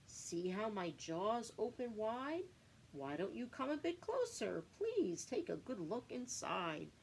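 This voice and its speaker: A sly shark with a grin coaxes little fish to swim closer in a storybook, read by a woman. The delivery is slow and deliberate. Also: fairly high pitch, very animated, a little mellow, slight background noise, exaggerated voice. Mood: coaxing. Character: grinning, sly shark luring small fish.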